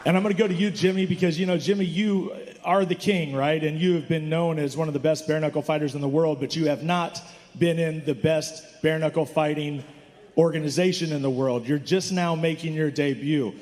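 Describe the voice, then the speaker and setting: A man's voice: a little high, steady tone, brisk, a little mellow. A man hosting a fight press conference, hyping up each fighter in turn. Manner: upbeat, hypes the fighters. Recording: reverberant hall, faint crowd.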